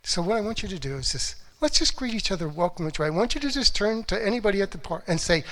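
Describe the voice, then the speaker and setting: A middle-aged man speaking as a relationship coach, with a voice that sits a little above most men's. He tells stories with lots of energy, acting out quotes, sometimes dropping to a hush and sometimes getting loud. It sounds like a motivational talk given to an audience. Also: high-pitched, quick pace, few pauses, some chatter behind. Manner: animated storytelling, acts out quotes, swings from hushed to loud.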